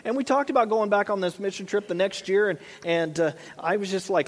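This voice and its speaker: A man's voice: high voice, fairly quick, few pauses. A man preaching a conversational sermon as a pastor, often repeating and restarting his phrases. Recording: long hall reverb.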